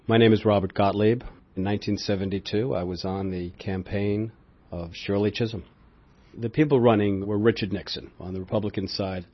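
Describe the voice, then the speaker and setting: An older man, a former campaign staffer, recalling the past in an animated interview. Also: fairly low pitch, brisk, slightly rough, dull audio. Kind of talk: interview recollection.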